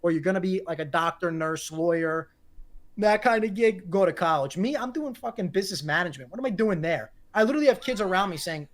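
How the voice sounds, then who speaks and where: A man, a guest on a podcast over a video call, rambling fast with repeated words and casual swearing. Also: sits high, expressive. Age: 20s. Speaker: guest content creator.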